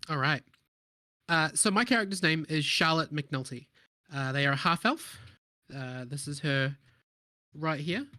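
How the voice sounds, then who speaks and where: A man's voice: a little high, lively intonation, unhurried, pauses often, pushed and bright, no echo, studio quality. A man with a Scottish accent, an upbeat, jokey player introducing a charity stream and his character. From Scotland. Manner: upbeat and jokey, with many fillers. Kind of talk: casual chat.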